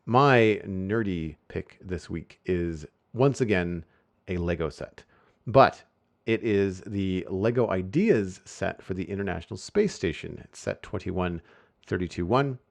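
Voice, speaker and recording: Male podcast host with a low, very lively voice; casual and chatty. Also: vocal fry. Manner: animated, chatty, quick to laugh.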